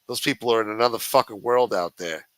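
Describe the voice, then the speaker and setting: A man's voice: on the low side, fast talker, a bit bright, dry recording, rough recording. A man hosting a livestream, ranting with constant profanity in a sneering, contemptuous way. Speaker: livestream host.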